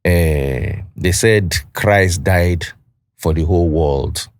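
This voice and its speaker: A man hosting a podcast interview, building long questions in a measured way. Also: low voice. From Nigeria. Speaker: podcast host.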